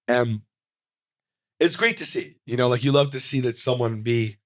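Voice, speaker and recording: A man in his forties, a comedian guest, telling a rambling, animated anecdote in a casual interview, full of "like.". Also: mid-range voice, moderate pace, no room sound, clean studio sound.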